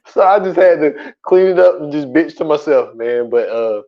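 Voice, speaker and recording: A man co-hosting a podcast in casual chat, telling stories in loose, slangy, animated speech. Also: a little high, moderate pace. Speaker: podcast co-host. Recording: dull lo-fi audio.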